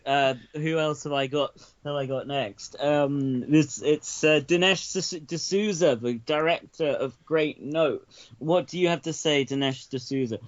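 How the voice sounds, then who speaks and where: A man's voice: a little high, unhurried, dull audio. A man hosting a comedic podcast, rambling with lots of stammered restarts, swearing and laughter. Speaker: podcast host.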